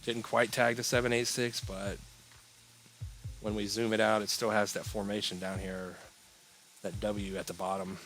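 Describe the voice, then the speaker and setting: A man's voice: fairly low pitch, normal speed, a little hiss or hum, rough recording. A man hosting a live crypto chart stream, talking casually and rambling, yawning now and then as he answers chat. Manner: relaxed, rambling, yawning, reading chat aloud. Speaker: crypto livestream host.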